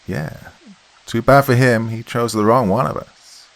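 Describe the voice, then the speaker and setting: A man's voice: mid-range voice, steady tone, measured pace, vocal fry, voice pushed up. A man voicing a confident young woman who is brash and teasing, with a know-it-all manner. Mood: mocking.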